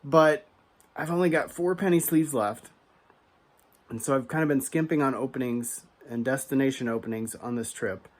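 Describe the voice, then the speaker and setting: A man's voice: medium pitch, normal speed. A man hosting a card collecting channel, telling a story as a rant, chatty and full of asides, growing heated and emphatic. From United States. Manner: animated, grows heated and emphatic; conversational, frequent asides and restarts.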